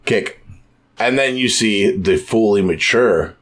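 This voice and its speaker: A man's voice: fairly low pitch, lively intonation, normal speed. A young man co-hosting a podcast in casual chat, loose and profane, animating scenes with sudden voice shifts. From United States. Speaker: podcast co-host.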